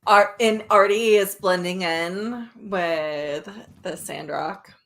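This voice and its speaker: A woman's voice: fairly low pitch, slow pace, fairly bright tone. A woman chatting casually with co-hosts and making wry, joking asides. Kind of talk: casual chat.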